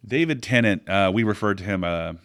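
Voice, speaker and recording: Man, podcast co-host, slightly low voice, chatty, opinionated, rambling restarts. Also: animated, fairly quick. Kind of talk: casual chat.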